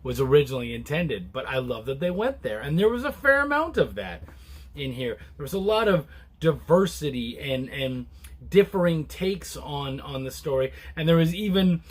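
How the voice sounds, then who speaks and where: A man reviewing a comic book in a casual, relaxed chat to camera, rambling with many restarts and fillers. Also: normal speed. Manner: relaxed and low-key.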